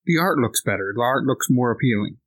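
A man's voice: medium pitch, lively intonation, a little fast, a bit bright, no echo. A middle-aged man hosting a podcast, chatting in a laid-back, wry way about tabletop gaming. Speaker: podcast host.

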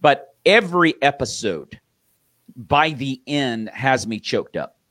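A man's voice: medium pitch, lively intonation, takes it slowly, fairly bright tone, no room sound. A man co-hosting a Christian talk show, speaking in an earnest, affirming way. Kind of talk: casual faith talk chat.

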